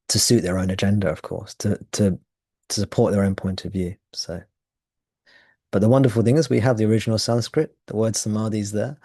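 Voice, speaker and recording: A man's voice: on the low side, brisk, a little mellow, no echo, clean studio sound. A man teaching at a satsang, explaining ideas thoughtfully and often restarting his phrases. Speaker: spiritual teacher. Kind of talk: satsang talk.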